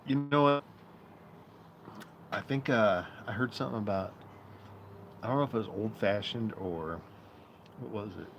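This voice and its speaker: Male streamer host, lowish voice, loose rambling profane chatter, outdoor noise behind. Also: normal speed, long pauses. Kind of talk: casual live-stream chat. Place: outdoor patio.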